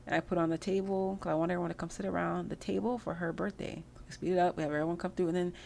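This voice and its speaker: A young woman chats through her gameplay in a relaxed, slangy way, swearing freely. She talks quickly in a low-pitched voice with a gravelly edge. A faint hiss sits behind her. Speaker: gameplay video host. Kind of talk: casual gameplay commentary.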